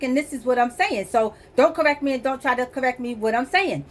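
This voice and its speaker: A woman tells a chaotic personal story straight to her audience, animated and laughing as she goes. Her voice sits a little high for a woman. She slips into quick impressions of the people she quotes. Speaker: vlogger telling a personal story. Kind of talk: casual storytelling.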